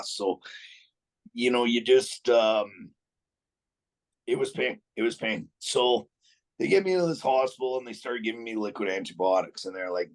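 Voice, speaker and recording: A man's voice: sits low, rough recording. Blunt, swearing male storyteller. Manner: blunt, swears freely, many restarts, chuckles while telling stories. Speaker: podcast guest. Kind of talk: casual storytelling interview.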